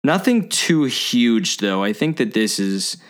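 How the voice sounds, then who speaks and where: A man's voice: mid-range voice, big pitch swings, slow. A man co-hosting a podcast, chatting casually about movies, rambling a bit, hedging with "I think" and laughing often. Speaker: podcast co-host.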